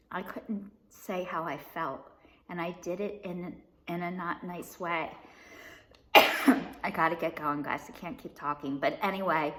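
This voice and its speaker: A woman vlogging frankly about recovery in a casual chat, often stopping to clear a tickly throat. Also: lowish voice, fairly bright tone, slight background noise. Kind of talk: personal recovery vlog, casual talk.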